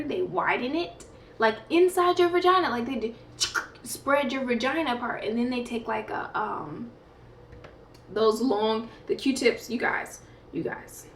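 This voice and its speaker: A woman's voice: fairly high pitch, a bit bright, a little hiss or hum. A woman vlogger telling a story in a rambling, chatty way, full of fillers and laughs. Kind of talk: casual storytime. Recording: echoey room, mic at a distance.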